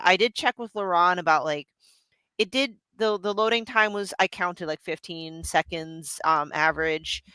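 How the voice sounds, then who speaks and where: A middle-aged woman in casual podcast chat, bright and forceful in tone with a smooth, clear voice. She talks in an animated, chatty way, restarting sentences and laughing. The mic is close and dry. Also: on the low side, no echo. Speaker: podcast co-host.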